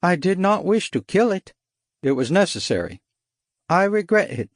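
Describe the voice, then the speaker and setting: A man voicing an excitable male jungle guide who speaks in halting, formal phrases in an audiobook. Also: high-pitched, no echo, clean studio sound, voice pushed up. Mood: regretful. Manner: exclaiming, halting formal speech. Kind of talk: audiobook character voice.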